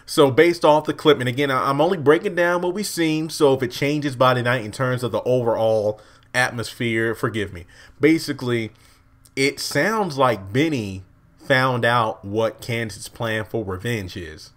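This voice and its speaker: A man recapping a TV episode in an excited, rambling, emotional way, addressing his viewers directly. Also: mid-range voice, normal speed. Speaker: TV show recap vlogger.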